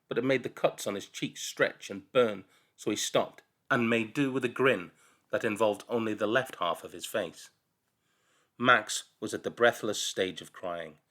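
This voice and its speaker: A man reading a children's novel aloud with expressive storytelling. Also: on the low side. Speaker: reader.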